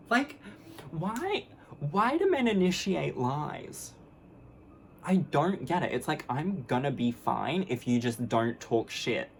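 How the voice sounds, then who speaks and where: A woman's voice: a bass voice, sing-song, measured pace, slight background noise. A woman vlogger ranting to camera in a casual monologue, blunt and profane, with sarcastic, mockingly sweet asides.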